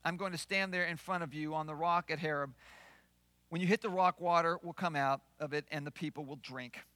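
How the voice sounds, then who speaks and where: A male pastor preaching a sermon, swinging from loud declarations to hushed asides and playing out the voices he quotes. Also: a little high, fairly even intonation, fairly quick, no echo.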